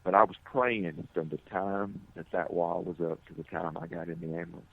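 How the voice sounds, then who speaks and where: Middle-aged male firefighter, very low gravelly voice, earnest and halting. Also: slight background noise. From United States. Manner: earnest, halting, many restarts. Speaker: firefighter, interview guest. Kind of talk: personal account in an interview. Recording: tinny phone-like audio.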